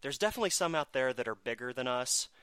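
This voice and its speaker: A man's voice: mid-range voice, lively intonation, fast talker, fairly bright tone, clean tone, no echo. A man hosting a casual podcast chat, snarky and self-mocking as he talks. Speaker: podcast host.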